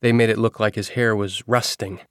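A man reading a novel aloud as a first-person narrator, in a steady storytelling manner. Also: fairly low pitch, a little fast, clear, resonant tone, dry recording, studio quality. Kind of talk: audiobook narration.

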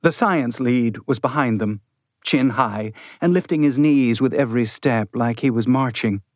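A man narrates an audiobook in a measured, steady storyteller's voice. His pitch sits in the middle of the range. The recording is close and dry with no room sound. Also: dry recording. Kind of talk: scripted narration.

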